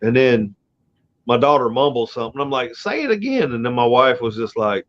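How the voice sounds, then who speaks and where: A man's voice: medium pitch, fairly even intonation, fairly quick, a bit bright. A middle-aged man hosting a casual podcast, telling a personal story in a rambling, profane, emotional way. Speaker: podcast host. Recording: dull lo-fi audio.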